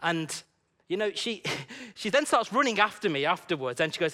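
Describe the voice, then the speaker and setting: A man preaching a sermon in a church service, telling a personal story in an animated, conversational way. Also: high-pitched, brisk.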